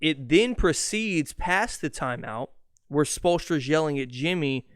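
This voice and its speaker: A man hosting a sports podcast in an excited, cursing rant. His voice sits a little high and sounds smooth and clear. The recording is close and dry. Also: dry recording. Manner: excitable, fast, profane ranting. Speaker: podcast host.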